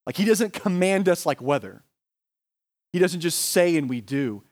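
A man's voice: high-pitched, expressive, moderate pace, a little mellow. A man with an American accent, a pastor preaching a sermon in a conversational way, often asking "right?" and saying "like".

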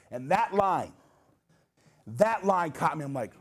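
In a church sanctuary, an American man with a high voice delivers a sermon at a normal speed. He tells his own story casually, and his earnest tone builds until he is urgently exhorting his listeners.

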